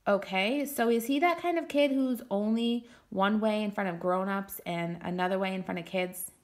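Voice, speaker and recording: A woman reading aloud and voicing a gentle, worried mother who asks her young son soft, caring questions. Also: mid-range voice, moderate pace, lightly acted. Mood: concerned. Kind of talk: read-aloud storytelling.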